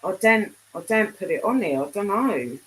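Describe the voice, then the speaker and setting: A woman's voice: medium pitch, lively intonation, moderate pace, low-quality recording. A middle-aged woman chatting casually with viewers on a live stream, rambling and trailing off mid-sentence. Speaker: livestream host.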